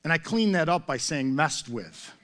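A man's voice: fairly high pitch, expressive, normal speed, a bit bright. A middle-aged man preaching a sermon as pastor, conversational and full of rhetorical questions and self-mocking humor.

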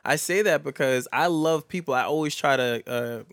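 Blunt, animated man, dry close sound. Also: medium pitch, normal speed, smooth, dry recording. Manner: animated, blunt, swears and laughs often. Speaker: podcast co-host. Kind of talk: casual chat.

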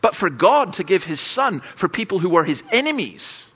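A man preaches a sermon, telling his points through funny personal stories. His voice is bright and fairly high. The recording sounds dull and lo-fi. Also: very animated, moderate pace, few pauses, husky. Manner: anecdotal, humorous storytelling. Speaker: pastor.

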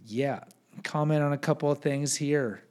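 A man's voice: a little high, moderate pace, a little mellow. A young man reading from his own memoir and commenting on it in a casual, candid, self-deprecating way, with frequent asides and restarts. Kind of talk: casual personal storytelling.

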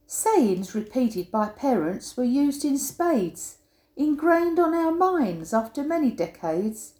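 A woman's voice: high-pitched, sing-song, slow pace, darkish tone. An older woman reading her own humorous rhyming poem aloud, giving quoted sayings a playful, punchy emphasis. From England. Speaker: poet. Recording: roomy echo.

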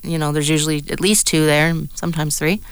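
Low, smooth-voiced woman co-hosting radio. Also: steady tone, quick pace, no room sound. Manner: chatty, laughs easily, trails off mid-sentence. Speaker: radio co-host. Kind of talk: casual chat.

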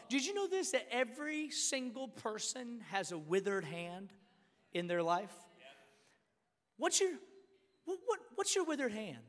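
High, bright-voiced preacher in a reverberant hall. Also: male voice, a little slow, long pauses. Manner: animated and emphatic, repeats words, rises to shouts. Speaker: pastor. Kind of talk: storytelling sermon.

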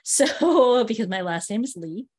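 A middle-aged woman from Northern California, an interview guest who works as a theater teaching artist, telling stories with lively quoted voices and frequent laughter over a video call. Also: on the high side, unhurried, husky.

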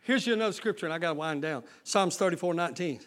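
A male pastor preaching a sermon, swelling into loud shouted passages. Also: on the high side, fast talker. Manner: preaching with sudden shouted surges and folksy Southern-style talk.

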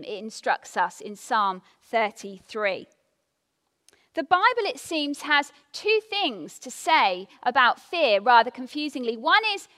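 A woman giving a devotional talk, reading scripture and telling a personal story with expressive emphasis. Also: a little high, unhurried, long reverb tail. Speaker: devotional speaker.

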